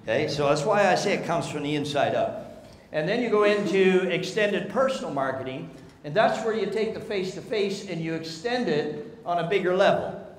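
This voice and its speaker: A man's voice: high-pitched, animated, moderate pace. A man giving a business seminar talk, telling stories and asking the audience rhetorical questions. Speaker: seminar speaker. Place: large seminar hall. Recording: echoey hall with faint ambience.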